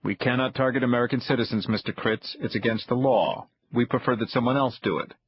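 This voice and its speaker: A man voicing a frail elderly spy chief who speaks softly and with measured calm, in a husky tone. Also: medium pitch, lo-fi sound, lightly acted. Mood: calm, cold. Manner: soft-spoken, measured.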